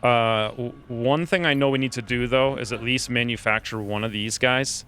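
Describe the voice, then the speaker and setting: A man's voice: mid-range voice, fairly even intonation, normal speed, a bit bright, smooth, soft background music. A man giving casual gameplay commentary, joking, self-mocking and thinking aloud about his choices. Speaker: gaming streamer.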